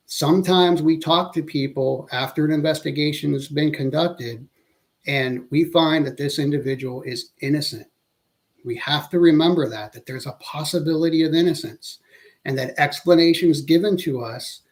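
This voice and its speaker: A male instructor delivering a training presentation, his voice sitting a little higher than most men's. He talks in a measured, earnest way, pausing to correct himself now and then as he explains each point. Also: darkish tone.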